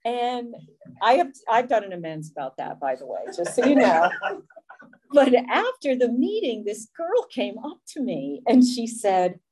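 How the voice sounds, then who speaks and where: A woman's voice: on the high side, very animated, a little slow, darkish tone, husky, rough recording. Candid woman telling her recovery story. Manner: candid, self-deprecating storyteller. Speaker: speaker sharing a recovery story. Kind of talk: personal testimony.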